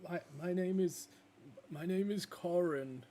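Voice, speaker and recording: A man voicing a hurt, whimpering young male wolf who pleads in a halting way. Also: high voice, warm tone, a little hiss or hum, voice pushed up. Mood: timid.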